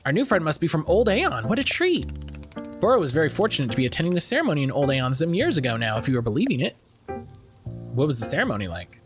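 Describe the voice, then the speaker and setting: A man doing a fussy formal tea shop boss, third-person talk, lively pitch, faint music. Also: quick pace. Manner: speaks of himself by name, formal.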